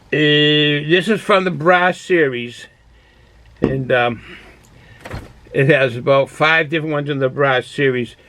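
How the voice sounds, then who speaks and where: A man's voice: fairly high pitch, slow pace, pauses often, pushed and bright, rough recording. A man with a Boston accent casually reviewing a beer, rambling with many fillers and restarts.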